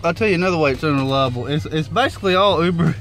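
A man telling a rideshare story in a casual vlog, animated and swearing freely as he acts out the quotes. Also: fairly high pitch, rapid-fire. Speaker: rideshare driver vlogger.

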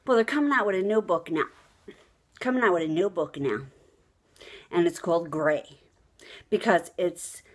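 Brash, gossipy woman with a lively voice. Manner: brash, gossipy, swings pitch up for outraged questions. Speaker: vlogger telling the news. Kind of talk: chatty comic monologue to camera.

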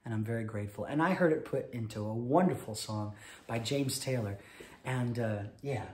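A man, a cabaret singer, giving chatty stage patter between songs and telling a story quickly, with many fillers. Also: mid-range voice. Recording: roomy sound over loud piano.

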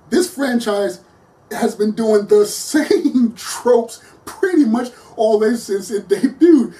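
A chatty film reviewer with a mellow, warm tone, laughing often and trailing into thinking-aloud fillers. The voice sits a little back from the microphone, giving a slightly distant, home-recorded feel. Earnest and conversational throughout. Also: mid-range voice. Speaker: movie reviewer. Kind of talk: casual movie review monologue.

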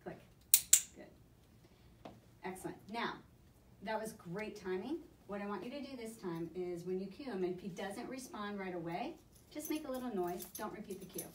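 A woman dog trainer giving brisk, encouraging hands-on coaching to a student. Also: medium pitch, expressive, darkish tone, a little hiss or hum. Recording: echoey room, mic at a distance.

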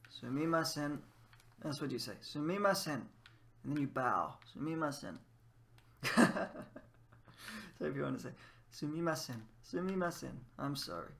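A man's voice: a little high, pushed and bright. A man casually teaching Japanese words while playing a game, laughing often and drilling phrases by repeating them. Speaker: language teacher. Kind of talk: casual gameplay lesson.

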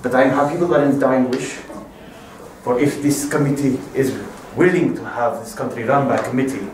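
A man's voice: mid-range voice, fairly even intonation, normal speed, darkish tone, recorded from a distance, a little hiss or hum, lightly acted. A young male student playing a proud, ambitious male revolutionary who claims the leadership, in a declamatory classroom speech. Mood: earnest. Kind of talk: classroom role-play. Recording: echoey classroom from afar with music.

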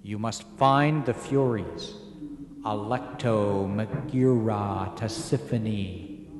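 A man voicing the ghost of an old statesman, speaking softly with quiet authority. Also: on the low side, takes it slowly. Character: ghostly old male statesman, tall, grave, commanding. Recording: echoey with steady background noise.

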